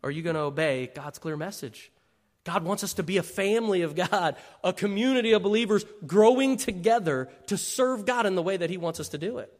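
Male pastor, high lively voice, joking sermon, long hall reverb. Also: brisk. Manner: humorous storytelling, laughing, asks the congregation "Amen?". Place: church sanctuary.

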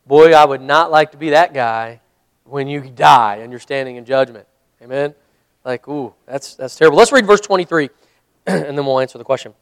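A man's voice: a little high, moderate pace, clear, resonant tone, no echo. A man, a pastor, leading a Bible study, reading scripture aloud and explaining it in a conversational way.

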